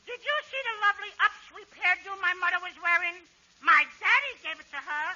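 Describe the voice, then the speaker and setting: A man putting on a bratty little boy with a piping, very high voice and cheeky, drawn-out wisecracks. Bright, thin tone with a dull, muffled edge from an old 1940s radio broadcast. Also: expressive, full character voice. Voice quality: high childlike voice. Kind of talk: 1940s radio comedy acting.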